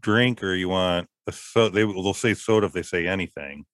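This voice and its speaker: A man's voice: deep voice, normal speed, fairly bright tone, no room sound. A man co-hosting a podcast, chatting casually in a hesitant, self-doubting way full of fillers. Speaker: podcast co-host. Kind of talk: casual chat.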